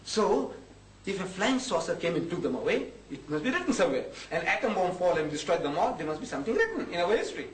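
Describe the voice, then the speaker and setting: A man giving a lecture in a mocking, animated way, acting out the people in his stories. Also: on the high side, quick pace. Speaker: public lecturer. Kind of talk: lecture with acted-out anecdotes. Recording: echoey hall, distant mic, faint hiss.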